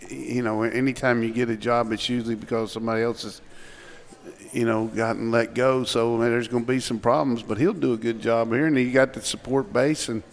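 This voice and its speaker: A man's voice: mid-range voice, fairly even intonation, fairly quick, vocal fry, in a large hall. A man, a former coach, talking sports in a folksy, teasing way on a talk show.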